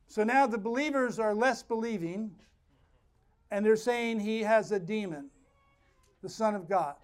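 A man preaching a sermon as pastor, reading scripture and explaining it with animated asides to his congregation. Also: high-pitched, measured pace.

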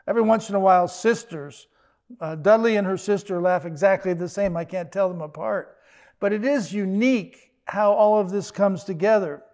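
A man's voice: high voice, a little mellow. An older man preaching a sermon as pastor, in a conversational style with joking asides.

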